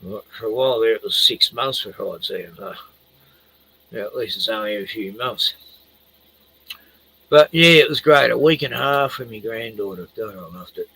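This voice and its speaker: Older aussie guy, gravelly and bright-edged, rambly and laughy, swears a lot. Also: on the low side, moderate pace, pauses often, low-quality recording. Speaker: livestream host. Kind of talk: casual chat.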